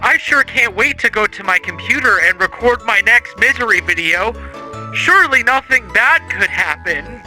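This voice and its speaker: A bubbly, overexcited sitcom lead, as a man puts him on, very high and bouncy, with a big exaggerated delivery. A music bed plays clearly underneath him. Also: animated, normal speed, rough recording. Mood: chipper. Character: chipper overexcited sitcom version of the host.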